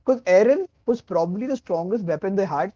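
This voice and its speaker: A man co-hosting a casual podcast, earnestly explaining anime plot points. His voice is high with a mellow tone. It comes through a dull, dry, lo-fi mic. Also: expressive, a little fast, no echo. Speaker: podcast co-host.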